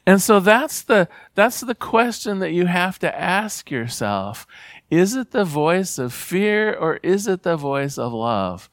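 A man's voice: on the high side, sing-song, slow, dry recording, studio quality. Earnest man giving a spiritual talk. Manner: earnest, gently repetitive, reads passages aloud. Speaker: spiritual teacher.

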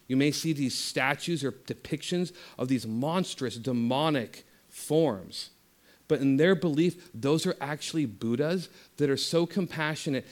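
Man giving a passionate spiritual talk. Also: medium pitch. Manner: passionate, shifts into soft slow meditation guidance. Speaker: spiritual teacher. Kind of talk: spiritual talk and guided meditation.

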